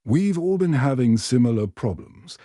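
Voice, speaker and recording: A man reading the lines of a gentle woman teacher in an even voice. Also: mid-range voice, moderate pace, no room sound, studio quality, lightly acted.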